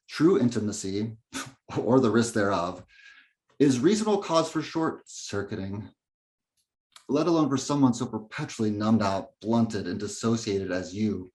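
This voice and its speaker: Guy doing an intense bitter inner monologue, slow and biting. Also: lowish voice, a little mellow. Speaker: narrator and main character.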